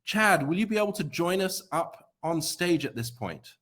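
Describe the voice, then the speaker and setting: A man hosting a live-streamed charity gala, upbeat and ad-libbing to fill the pauses. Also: a little high, lively intonation, a bit bright. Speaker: event host.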